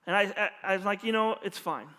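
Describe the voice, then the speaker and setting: High-voiced pastor preaching in a reverberant hall. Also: male voice, fast talker. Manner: animated storyteller acting out dialogue. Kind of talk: sermon with storytelling. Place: church sanctuary. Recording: long hall reverb with faint music.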